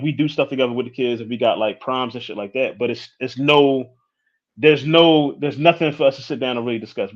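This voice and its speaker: A man in his thirties, a podcast guest talking candidly and casually, often checking in with "you know what I'm saying.". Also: mid-range voice. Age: 30s. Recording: dull lo-fi sound.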